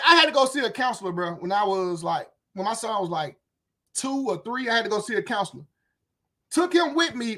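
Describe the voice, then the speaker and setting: A young adult man hosting a reaction channel, ranting casually and profanely to his viewers with animated emphasis, often asking "you know what I'm saying". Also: extremely high pitch.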